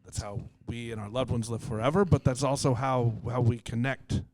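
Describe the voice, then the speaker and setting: A man's voice: medium pitch, steady tone, normal speed, a little mellow. A man hosting a beer podcast in casual chat, enthusiastic and affirming, often repeating himself. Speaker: podcast host.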